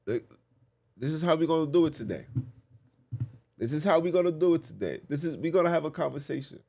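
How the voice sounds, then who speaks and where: A man's voice: a little high, expressive, fast, creaky, a little mellow. A man hosting a podcast, teaching scripture in a casual preaching style, repeating phrases and asking the listeners questions. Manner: repetitive, emphatic, rhetorical questions.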